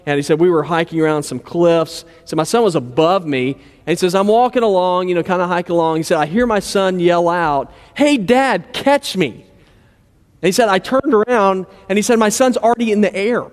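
A man preaching a sermon in a conversational way, sometimes dropping low and quiet to stress a point. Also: a little fast, in a large hall. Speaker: pastor.

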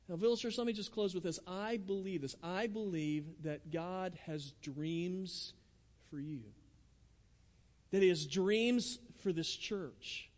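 A man's voice: high voice, long reverb tail. A man preaching a sermon as pastor, earnest, often repeating his first words as he builds a point. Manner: earnest, repeats words when starting phrases.

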